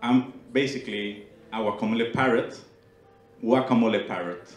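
On a small club stage, a young man from Mexico performs a playful stand-up set, teasing the crowd in a Mexican Spanish accent; Spanish is his first language. He speaks at medium pitch and moderate pace, with roomy club sound and laughter behind him.

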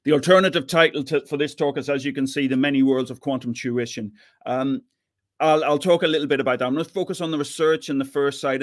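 A man's voice: medium pitch, a bit bright, no room sound, clean studio sound. A middle-aged man with an Irish accent giving an online physics lecture, chatty and often repeating words as he thinks. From Ireland, near the Northern Ireland border. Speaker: physics professor giving an invited talk.

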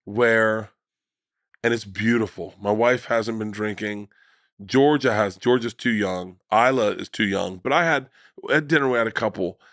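A man telling stories as a comedian guest on a podcast, animated and profane, often jumping into high excited voices for the people he quotes. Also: unhurried, dry recording, clean studio sound. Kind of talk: casual storytelling conversation.

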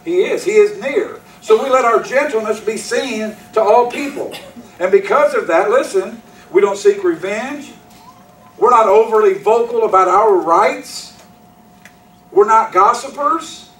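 A man's voice: high voice, expressive, measured pace. A man preaching a sermon as pastor, driving his points home with repetition and direct questions to the congregation. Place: church sanctuary. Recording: echoey hall, mic from a distance.

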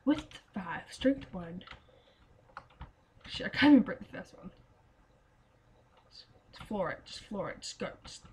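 A woman playing a game and chatting as she goes, her voice going hoarse, swearing and singing to herself. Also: medium pitch, animated, unhurried, pauses often, darkish tone. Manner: chatty, swears often, sings and mutters to herself. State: losing her voice. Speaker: gamer. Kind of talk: casual let's play commentary.

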